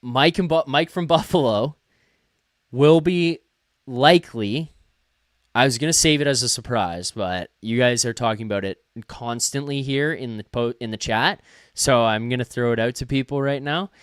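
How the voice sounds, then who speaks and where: Young man, stream host, rambling, self-deprecating, smooth voice, dry close sound. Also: mid-range voice, normal speed, no room sound. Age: young adult. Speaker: host of a hockey postgame call-in show. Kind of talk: casual live-stream talk.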